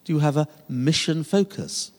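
A man's voice: a little high, moderate pace. An older man, a pastor, preaching a sermon with emphatic, rising and falling delivery. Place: church sanctuary. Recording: long reverb of a large church hall.

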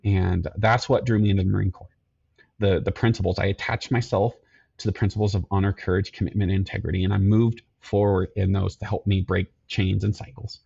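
Low gravelly-voiced man telling his story. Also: little pitch movement, dark tone, highs cut off. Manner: earnest, halting, repeats himself. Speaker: podcast guest, security company owner.

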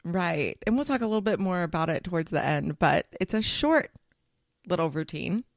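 A woman's voice: fairly low pitch, expressive, moderate pace, vocal fry, no echo, clean studio sound. A woman hosting a podcast in casual chat, playful and jokey as she tells stories. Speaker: podcast host.

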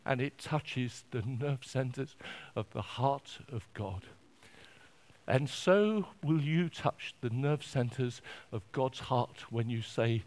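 Male preacher, emphatic sermon delivery, slow and deliberate with a bright tone. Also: mid-range voice. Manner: emphatic, repetitive, swings from soft to loud.

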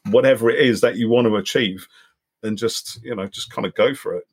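Husky man musing over a film. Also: medium pitch, fairly quick. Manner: reflective, rambling with restarts. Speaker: podcast co-host. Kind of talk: casual film-discussion chat.

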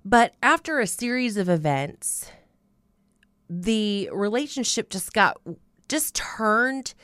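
A woman's voice: medium pitch, lively intonation, slow, a bit bright, no room sound, studio quality. A woman hosting a Christian radio show, telling a personal faith testimony in an earnest storytelling way, with frequent fillers like "you know".

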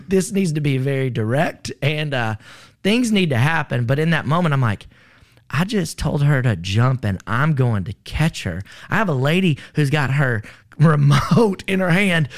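Earnest rambling man telling a story. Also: fairly high pitch. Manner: earnest, rambling, with many fillers. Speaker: storyteller recounting a rescue. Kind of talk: personal testimony.

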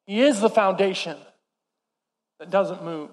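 A man preaching a sermon to a live congregation, impassioned and swinging between urgent and soft. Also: sits high, unhurried. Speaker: pastor. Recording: long hall reverb.

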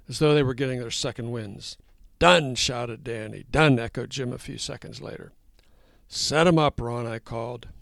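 A man reading his own first-person story aloud, with a wry tone and lively voices for the dialogue. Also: mid-range voice, gravelly, no echo, studio quality.

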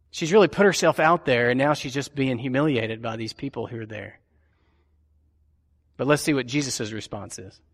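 A man gives a sermon in a church sanctuary, walking listeners through a scripture scene with vivid, deliberate storytelling. His voice sits a bit above the usual male pitch, and he stresses key words slowly. A long reverb trails each phrase, as in a large hall. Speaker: preacher.

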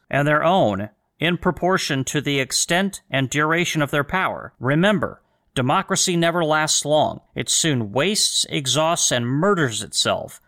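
Bright-voiced man reading and commenting. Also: fairly high pitch. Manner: sarcastic, rhetorical questions. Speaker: podcast host. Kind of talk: solo commentary with read quotations.

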